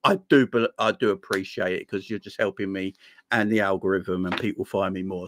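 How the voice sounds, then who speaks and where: A man's voice: low-pitched, steady tone, a little fast, fairly bright tone, slight background noise. A man hosting a casual live chat, reading viewer comments aloud, laughing often and calling people "my friend.". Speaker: livestream host.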